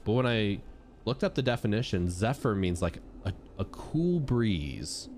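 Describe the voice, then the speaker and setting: A young man chatting casually as he streams a game, thanking subscribers and reacting out loud. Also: lowish voice, measured pace, slight background noise. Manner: animated, chatty, shouts out subscribers. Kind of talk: casual gameplay commentary. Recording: game music playing behind.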